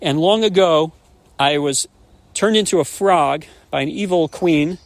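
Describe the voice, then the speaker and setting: A man's voice: on the high side, measured pace, no room sound. A man voicing a frog who claims to be an enchanted young princess, coaxing and insistent while telling a joke.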